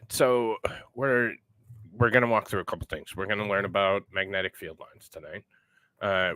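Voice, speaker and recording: A man's voice: low voice, pushed and bright, no echo. An American man hosting a livestream, blunt and profane, greeting viewers in chat. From United States. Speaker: show host.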